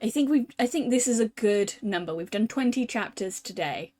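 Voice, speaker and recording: A young woman from the UK chatting casually as a streamer while playing a visual novel, thinking out loud in a self-deprecating way. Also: fairly high pitch, animated, normal speed. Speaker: VTuber streamer.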